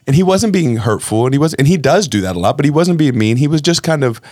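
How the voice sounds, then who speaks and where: A man's voice: on the high side, quick pace, no room sound, clean studio sound. A man hosting a podcast, talking candidly and with animation, often acting out what others said. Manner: animated, acts out quoted dialogue in a raised voice; candid and self-reflective. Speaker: podcast host. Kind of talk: casual podcast conversation.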